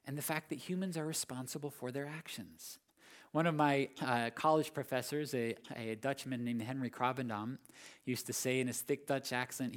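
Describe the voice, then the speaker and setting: A man preaching a sermon, earnest, building to emphatic rises and repeating key phrases. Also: on the high side. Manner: earnest preaching with rising emphatic peaks and repetition. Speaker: pastor.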